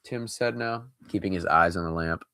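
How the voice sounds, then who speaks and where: A man's voice: deep voice, moderate pace, vocal fry, sharp tone, clear, resonant tone, no room sound. A man reading a scary story aloud, breaking in with casual, joking asides.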